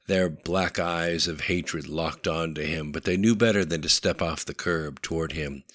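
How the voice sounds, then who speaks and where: Deep guy narrating a thriller, dry close mic, crisp bright tone. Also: no echo. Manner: steady storytelling, voicing each character in dialogue. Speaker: audiobook narrator. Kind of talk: scripted narration.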